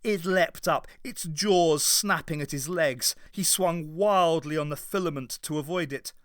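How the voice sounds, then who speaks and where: A man's voice: a little high, unhurried, dry recording, clean studio sound. Man giving a dramatic audiobook reading. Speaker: audiobook reader. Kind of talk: scripted narration.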